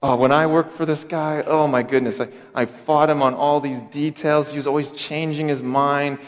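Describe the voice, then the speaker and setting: A man's voice: fairly high pitch, steady tone, normal speed, natural voice. A man voicing a blunt friend who warns about a bad boss with dismayed exclamations, in an echoey hall. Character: worried middle-aged male friend, blunt.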